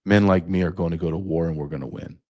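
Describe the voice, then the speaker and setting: Angry deep-voiced man ranting. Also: fairly even intonation, quick pace, highs cut off. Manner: angry, ranting, profane, rhetorical questions. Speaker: podcast host. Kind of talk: impassioned monologue.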